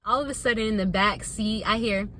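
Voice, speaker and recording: A young woman vlogger telling a casual storytime to her viewers, animated and chatty, calling them y'all. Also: medium pitch, fairly quick, slight background noise.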